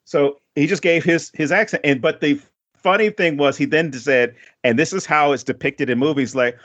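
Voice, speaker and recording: A man's voice: a little high, normal speed, a bit bright. A man from Louisiana chatting casually as a podcast guest, rambling and swearing easily, with frequent restarts. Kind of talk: casual chat. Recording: dull lo-fi podcast audio.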